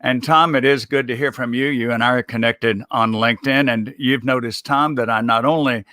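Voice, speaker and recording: A man working as a communication consultant, giving tips in a measured, instructive way as a guest on a live show, now and then chuckling as he makes a point. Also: mid-range voice, fairly even intonation, sharp tone, no echo, clean studio sound.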